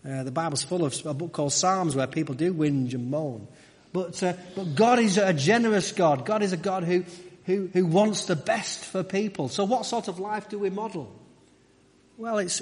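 A man preaches in a church, his speech chatty and full of asides and restarts. His voice sits fairly high for a man. The sound rings with the long reverb of a large hall. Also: breathy edge. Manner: conversational, frequent restarts and asides. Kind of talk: sermon.

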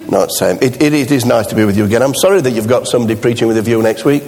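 A man's voice: medium pitch, racing, a little mellow, slight background noise. A man preaching a chatty, self-deprecating sermon as a visiting preacher, with many restarts. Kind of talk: sermon with anecdotes. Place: church. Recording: long hall reverb.

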